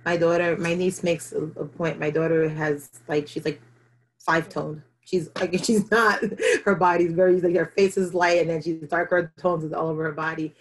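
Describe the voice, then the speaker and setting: Husky woman telling her story animatedly. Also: low voice, normal speed. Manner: animated storytelling, acts out her own past words, laughs often. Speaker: guest. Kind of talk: candid conversational interview.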